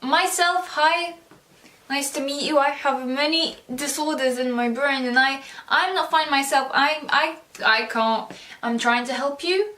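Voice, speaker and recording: A woman's voice: high-pitched, measured pace, bright, forceful tone. Teen girl vlogger, sarcastic rambling rant, recorded from a distance in an echoey room. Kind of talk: ranting vlog monologue. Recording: roomy sound, mic far off.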